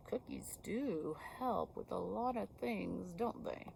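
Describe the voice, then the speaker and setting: A woman teacher reading a picture book aloud to young children, gently asking them questions. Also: mid-range voice, slow pace, gravelly, husky.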